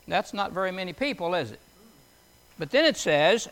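An older man delivers a folksy sermon in a high, ringing voice. He moves between scripture readings and homespun stories, often putting questions to the congregation. His tone is bright and chatty. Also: animated, fairly quick. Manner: conversational, asks the audience questions, tells homely stories. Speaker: preacher.

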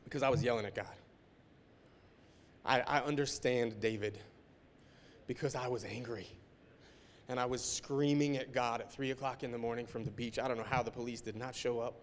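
A man preaching a sermon as a pastor, emotional, moving between hushed, near-whispered passages and forceful climaxes. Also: medium pitch, normal speed, long pauses, long reverb tail, slight background noise.

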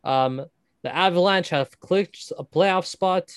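A man's voice: sits high, slow pace, clear, resonant tone, no echo. A man co-hosting a casual sports podcast, reading out news in a matter-of-fact way. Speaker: podcast co-host. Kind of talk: casual chat.

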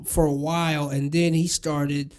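A man in casual chat, speaking in a playful, animated way. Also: a little high, unhurried.

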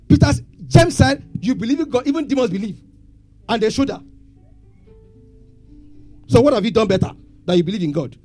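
A man's voice: extremely high pitch, lively intonation, a little fast, pauses often, mellow, soft background music. A man preaching a sermon, asking the congregation questions and having them answer back. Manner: call-and-response questions to congregation. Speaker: pastor.

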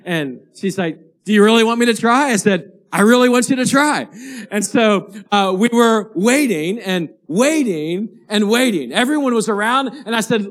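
A man, a pastor, preaching a sermon and telling a story in a lively, animated way. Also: very high-pitched. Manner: animated storyteller, rising to excited shouting at the climax.

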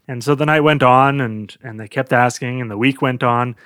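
A man's voice: medium pitch, normal speed, few pauses, no echo. Laid-back guy telling a prison joke, dry close sound. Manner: relaxed, laid-back storytelling.

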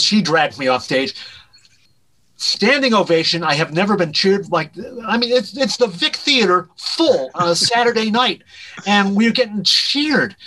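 Bright-voiced man telling a wild story. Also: a little hiss or hum, low-quality recording. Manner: animated anecdote-telling, drops pitch at punchlines. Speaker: guest, director and writer. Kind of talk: storytelling in a podcast interview.

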